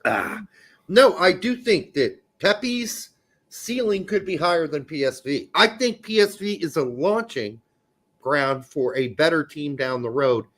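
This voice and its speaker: A man's voice: on the high side, unhurried. A man co-hosting a casual soccer podcast, joking and swearing freely as he talks. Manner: profane, joking, animated. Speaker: podcast co-host. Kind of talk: casual sports chat.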